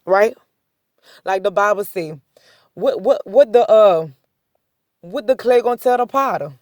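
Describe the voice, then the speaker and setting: A woman speaking a heartfelt faith testimony in a relaxed, chatty manner, circling back with "I said" again and again. Her voice sits at an ordinary middle pitch. The recording is dry and close, with no room echo. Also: unhurried. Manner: repetitive, conversational storytelling with many "I said" asides; chuckles between points. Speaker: faith vlogger. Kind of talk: casual spoken testimony.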